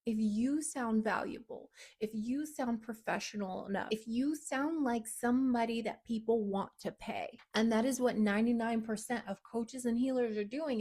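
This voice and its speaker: A woman business coach talking straight to camera, blunt and emphatic, swearing freely. She swings between loud, punchy lines and low, near-whispered asides. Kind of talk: direct-to-camera coaching talk.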